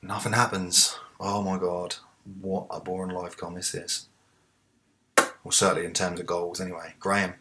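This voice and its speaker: Deep-voiced man calling a game. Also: normal speed, very noisy. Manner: talks to the players, swings from muttering to excited shouts. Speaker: let's play host. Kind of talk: live game commentary.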